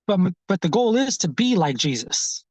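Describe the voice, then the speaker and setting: A man telling his own story in an interview, earnest and halting, often repeating words as he searches for what to say. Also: high voice, sing-song, no room sound, low-quality recording. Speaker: street ministry founder.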